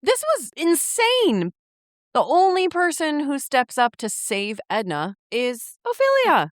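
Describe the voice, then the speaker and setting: A woman's voice: high voice, wildly swooping pitch, takes it slowly, no echo, clean studio sound. A woman co-hosting a book podcast, chatting emphatically about a novel and swearing freely. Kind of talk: casual chat recapping a novel.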